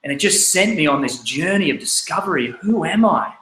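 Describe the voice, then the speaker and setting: A man in his thirties with an Australian accent telling his life story, candid and lively as he acts out his younger self. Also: on the high side, brisk, echoey room, poor audio. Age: 30s. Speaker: speaker. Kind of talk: personal life story talk.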